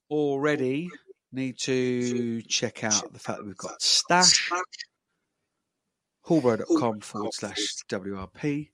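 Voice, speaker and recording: This podcast co-host speaks in a slightly bright, higher-than-average male voice, recorded with no room sound. His talk is loose and rambling, full of fillers and false starts.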